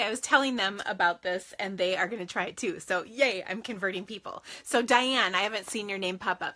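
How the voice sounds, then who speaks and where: Bright, chatty woman hosting a craft livestream. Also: mid-range voice. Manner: chatty, sing-song greetings, frequent fillers. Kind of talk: casual livestream chat. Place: home craft room.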